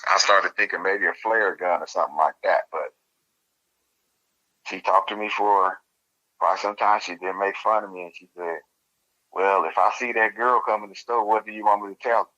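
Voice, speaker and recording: Interview guest: low-pitched man, forceful and animated, dull lo-fi sound. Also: normal speed. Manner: animated, laughs while telling the story. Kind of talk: casual storytelling.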